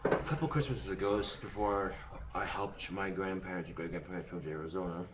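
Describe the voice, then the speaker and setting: A young man bluntly retelling a story to camera, profane and animated. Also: low voice, fast talker, very noisy.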